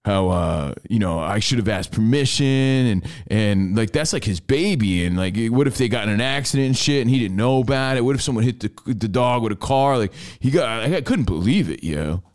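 A man's voice: mid-range voice, lively intonation, normal speed, hardly any pauses, a little mellow. A man hosting a casual comedic chat, telling a story animatedly, acting out quotes and swearing freely. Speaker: show host.

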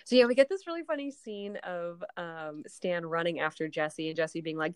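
Woman on a podcast rambling thru an episode recap, says like a lot, swears a bunch, lowish voice, dry close sound. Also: moderate pace, hardly any pauses, clean tone, dry recording. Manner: rambling retelling full of "like" and frequent swearing. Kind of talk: casual chat.

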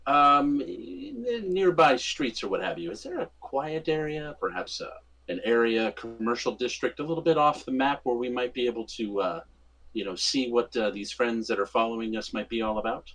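A man voicing a charming male investigator who speaks in a measured, courteous way, in a tabletop game. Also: mid-range voice, a bit bright, natural voice. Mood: smooth.

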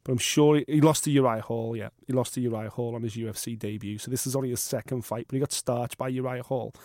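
A man's voice: medium pitch, fairly even intonation, fast, darkish tone, no room sound, studio quality. A man co-hosting a podcast in casual chat, blunt and enthusiastic with strong opinions. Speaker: podcast co-host.

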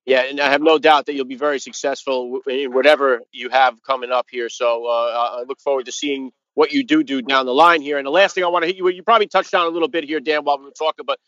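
A man hosting a podcast, asking questions with quick, stammering restarts. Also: medium pitch, steady tone, fairly bright tone, dry recording. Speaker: podcast host. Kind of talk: interview questions. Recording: dry, dull lo-fi audio.

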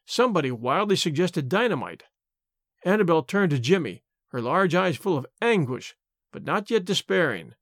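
A man reading a classic short story aloud, expressive and varied. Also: on the high side, normal speed, dry recording, clean studio sound.

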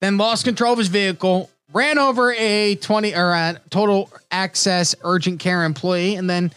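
A young man runs a comedic crime-guessing segment in his somewhat high voice. He reads news items aloud and jokes with his co-hosts. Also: steady tone, moderate pace, a bit bright, clear, resonant tone, no echo. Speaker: podcast host running a crime guessing game. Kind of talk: casual comedic chat.

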